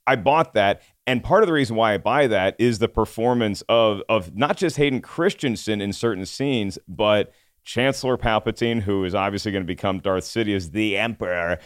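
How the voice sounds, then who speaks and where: Smooth-voiced male podcast host. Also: fairly low pitch, moderate pace, dry recording, studio quality. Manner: chatty, opinionated, self-deprecating jokes. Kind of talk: casual panel discussion.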